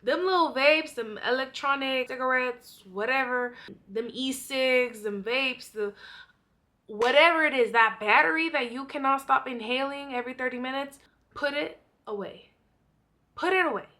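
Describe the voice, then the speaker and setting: Young woman, out of breath, blunt, scolding, casual vlog, slightly high voice. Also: moderate pace, bright, forceful tone. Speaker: vlogger. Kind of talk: casual advice monologue.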